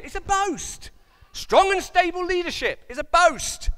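A man preaching a sermon as pastor in a church, animated and jokey, putting on quoted voices. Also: very high voice, measured pace, in a large hall. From Wales.

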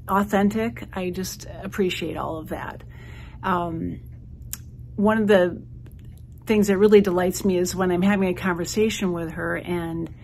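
A woman's voice: on the low side, darkish tone, a little hiss or hum. A woman working as an office assistant records a casual, upbeat tribute message with many ums. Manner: upbeat, filler-heavy.

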